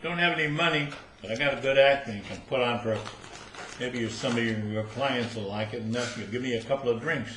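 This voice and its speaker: A man's voice: mid-range voice, bright, forceful tone, natural voice. A man voicing a down-and-out barfly who rambles in a hurry, in a roomy room. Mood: pleading. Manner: rambling, hurried. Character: down-and-out barfly man with a tiny act. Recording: roomy hall with faint noise.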